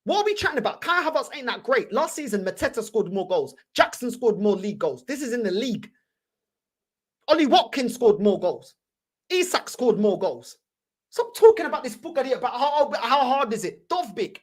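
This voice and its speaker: A woman's voice: on the high side, very animated, normal speed, slightly rough. A woman hosting a fan channel, ranting heatedly in slangy, repetitive reaction commentary.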